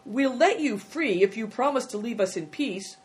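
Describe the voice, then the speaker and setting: A woman's voice: on the high side, lively intonation, moderate pace, pitched above the performer's own voice, close to an everyday voice. A woman voicing an earnest, proper boy. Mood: firm. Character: earnest, well-mannered young boy.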